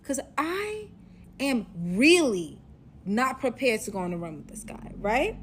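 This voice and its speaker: A young woman telling a dramatic story to the camera, with loud bursts in an animated storytime vlog. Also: a little high, measured pace, a little hiss or hum.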